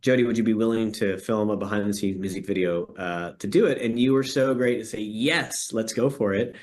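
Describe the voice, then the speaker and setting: A man's voice: fairly low pitch, fast, darkish tone. A man hosting a casual interview, friendly and chatty, often restarting his sentences. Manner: friendly, stammers and restarts, laughs along. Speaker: host.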